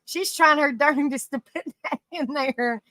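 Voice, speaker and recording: A woman hosts a relaxed livestream with a bright, forceful voice. She laughs a lot and rambles through her sentences. The sound is close and dry, with no room echo. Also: high-pitched, a little slow. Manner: laughs often, rambling with frequent restarts; affectionate, calls people honey and sweetie. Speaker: live stream host. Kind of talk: casual live-stream chat, reading comments aloud.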